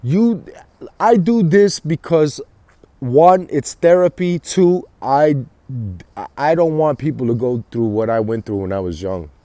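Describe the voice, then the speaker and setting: A man's voice: on the high side, animated, unhurried, warm tone, dry recording. A man talking to camera in a rambling, profanity-heavy monologue, often restarting his sentences. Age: adult with children. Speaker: vlogger. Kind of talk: casual monologue.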